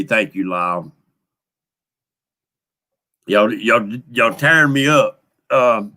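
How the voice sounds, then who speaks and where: Speaking at medium pitch with a bright, forceful tone, a middle-aged US man hosts a fishing live stream. He keeps the chat casual and folksy, sincerely thanking viewers one by one by name.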